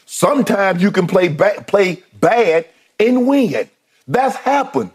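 Husky, lively high-pitched man debating. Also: slow. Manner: stammering restarts, emphatic. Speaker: sports debate analyst. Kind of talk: heated sports debate.

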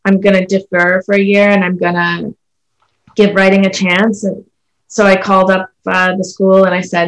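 Canadian woman telling her story, flat. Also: mid-range voice, normal speed, roomy sound. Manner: earnest storytelling with frequent "like" and "you know". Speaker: panelist. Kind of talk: casual panel discussion.

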